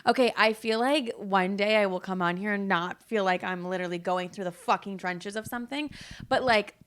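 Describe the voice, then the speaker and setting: A woman's voice: mid-range voice, a little fast, fairly bright tone, smooth. Chatty young woman hosting a podcast. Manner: chatty, swears freely, acts out quoted people. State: tired. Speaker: podcast host. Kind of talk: casual solo podcast chat.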